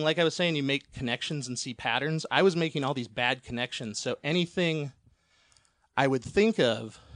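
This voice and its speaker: A man's voice: medium pitch, a bit bright, no echo. A man telling a long, rambling personal story as a podcast guest, laughing often and swearing freely.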